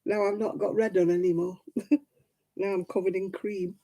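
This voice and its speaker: A middle-aged woman chats away to her viewers as she crochets, her voice husky and gravelly with a very dark, mellow tone. She rambles homely and chatty, laughing often and counting her stitches aloud. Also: medium pitch, level tone, moderate pace, low-quality recording. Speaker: livestream host. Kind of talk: casual chat while crocheting, answering viewers.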